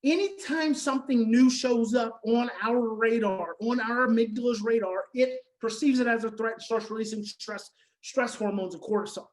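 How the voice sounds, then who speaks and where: A woman's voice: a little high, normal speed, darkish tone, low-quality recording. A woman giving a teaching talk on parenting adopted children, emphatic and repeating her key phrases, now and then acting out everyday reactions. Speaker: conference speaker on adoption parenting.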